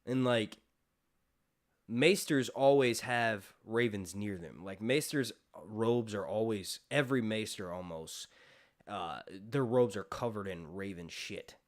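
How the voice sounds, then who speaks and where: A YouTube host runs a casual live stream chat, rambling loosely, swearing freely and often bursting into laughter. His voice is fairly low and his pace slow.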